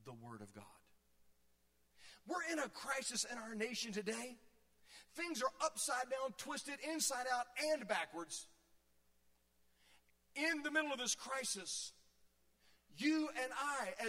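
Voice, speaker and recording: Pastor, male, high and bright, preachy delivery that rises into shouted, sung lines, big reverberant sanctuary. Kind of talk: sermon. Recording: long hall reverb.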